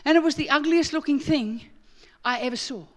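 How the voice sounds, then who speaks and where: A woman's voice: high-pitched, a little fast. A middle-aged Australian woman preaching a sermon, telling a story and acting out her own quoted lines with animation. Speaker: guest preacher.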